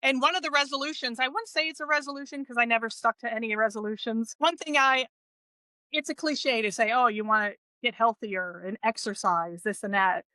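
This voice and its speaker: A woman's voice: fairly high pitch, brisk, pushed and bright, dry recording, low-quality recording. A woman guest on a podcast, chatting in an easygoing way. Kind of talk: casual chat.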